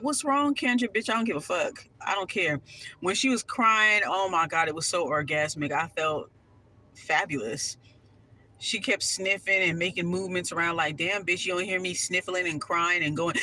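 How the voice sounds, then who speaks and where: A woman telling a personal story in a casual vlog, sassy and animated, swearing freely and full of asides. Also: mid-range voice, rough recording.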